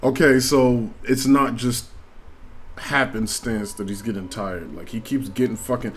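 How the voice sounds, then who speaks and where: A man's voice: mid-range voice, steady tone, measured pace. A man commentating casually on a game he plays, crude and offhand, swearing often. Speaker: gaming streamer. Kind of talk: casual let's play commentary. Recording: faint background noise.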